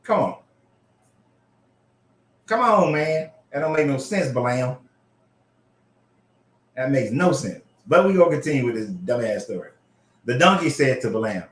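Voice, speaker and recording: A man hosting a casual commentary show, reading scripture aloud and reacting in an animated, profane way. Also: mid-range voice, unhurried, pauses often, echoey room. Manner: animated, profane, frequently laughing. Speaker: host.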